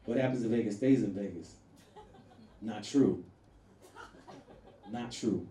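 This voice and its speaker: A man performing a stand-up comedy set, loud and animated, laughing through his punchlines and jumping to sudden shrieks. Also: on the low side, takes it slowly. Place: comedy venue with a live audience. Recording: echoey room from far off with faint noise.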